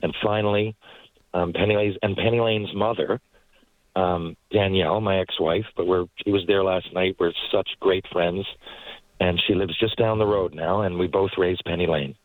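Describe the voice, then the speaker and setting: A man, a guest telling rambling, animated anecdotes from his parked car. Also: low voice, moderate pace, no room sound, poor audio. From Newfoundland, Canada. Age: 40s. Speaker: guest, former hockey player and actor. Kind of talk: casual storytelling interview.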